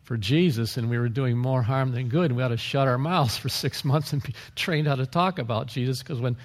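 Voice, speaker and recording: A man's voice: mid-range voice, brisk, long reverb tail. A man pastor preaching a sermon, talking in a conversational way with asides and small chuckles.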